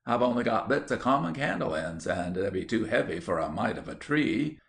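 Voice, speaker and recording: A man's voice: on the low side, sing-song, moderate pace, creaky. A man voicing a humble young countrywoman who talks in rustic, old-fashioned dialect. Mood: earnest.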